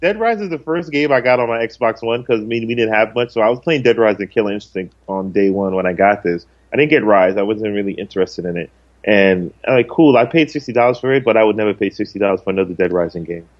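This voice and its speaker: A man with a fairly low voice chats loosely on a podcast, filling gaps with ums and swearing. His audio is a little dull and lo-fi. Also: fast talker. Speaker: podcast co-host. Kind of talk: casual podcast discussion.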